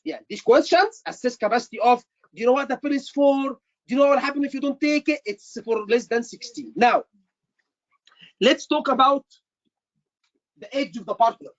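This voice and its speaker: A man's voice: very high-pitched, fairly quick, no room sound, lo-fi sound. A man tutoring students for a medical exam, emphatic and repeating his words. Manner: emphatic, repeats words, says "brother" often. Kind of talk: online teaching session.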